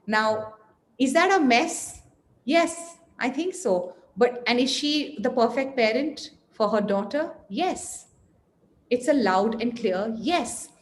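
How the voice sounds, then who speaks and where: A woman guest speaker giving parenting advice in an earnest, emphatic, expressive way over a video call. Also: fairly high pitch, takes it slowly. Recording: echoey room, faint noise.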